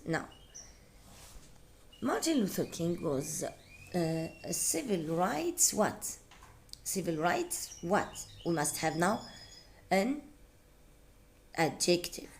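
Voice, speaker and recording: A woman's voice: lowish voice, gravelly, slight background noise. A woman teacher with an Algerian accent, patiently going over test answers and repeating key words. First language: Algerian Arabic. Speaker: English teacher.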